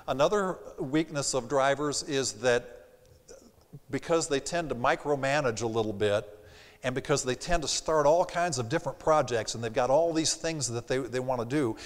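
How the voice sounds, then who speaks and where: A man in the middle of his range teaches a sales seminar from a theater stage, with a slight Southern accent. He is animated and slips into quick impressions of the people he describes. His voice rings out with the long reverb of the hall. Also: medium pitch. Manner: animated, acts out quoted customers. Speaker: sales trainer. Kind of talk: live seminar presentation.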